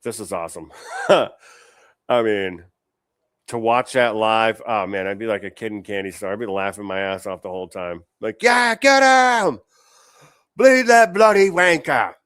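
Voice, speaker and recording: A man's voice: fairly low pitch, fairly even intonation, normal speed, clear, resonant tone, no room sound, studio quality. A man hosting a show, chatting casually as he reacts to videos, rambling and swearing, stuffing his talk with fillers and laughing often. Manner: rambling, profane, full of "you know" fillers. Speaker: host.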